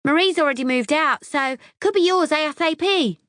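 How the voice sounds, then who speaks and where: A woman reading an audiobook, putting on the voice of a bubbly, airheaded young woman flatmate who talks high and gushing. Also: moderate pace, no echo, clean studio sound.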